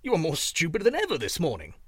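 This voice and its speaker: A man voicing an excitable young man freed from a spell. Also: a little high, quick pace, slightly rough, no echo, clean studio sound, exaggerated voice. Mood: puzzled. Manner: excitable, exclaiming.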